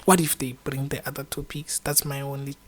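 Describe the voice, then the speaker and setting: A man's voice: medium pitch, little pitch movement, a little fast, slight background noise. A young man hosting an informal exam-prep video, talking to camera in a chatty, encouraging way that rambles with frequent fillers. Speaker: student exam-prep channel host.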